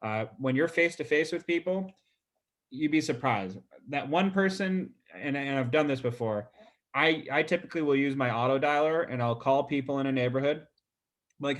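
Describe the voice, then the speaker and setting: A man's voice: mid-range voice, moderate pace. Chatty male sales coach, full of fillers. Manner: loose and chatty, with many fillers and repeated words. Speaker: real estate sales coach. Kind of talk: casual coaching on a group video call.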